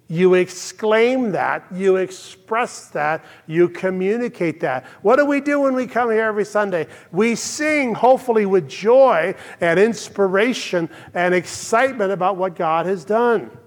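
A man's voice: high-pitched, animated, measured pace, long reverb tail. An older man preaching a sermon in a church, earnest and emphatic, his voice rising to exclamations. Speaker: pastor.

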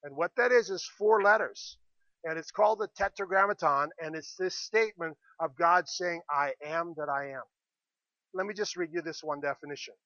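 Male pastor, earnest sermon delivery, slight sore throat; high, bright voice, dry and a little muffled. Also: no room sound. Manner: earnest, repeats "okay?" to the congregation.

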